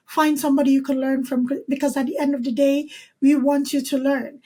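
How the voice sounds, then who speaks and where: A woman's voice: high voice, level tone, brisk, dark tone. A woman podcast host who also lectures, talking earnestly and emphatically and listing her points. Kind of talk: podcast interview conversation.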